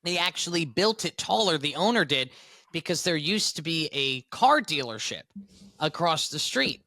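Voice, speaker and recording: A man's voice: on the high side, sing-song, normal speed, pushed and bright, no echo. A man co-hosting a podcast, explaining things in casual chat with short plain sentences. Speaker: podcast co-host.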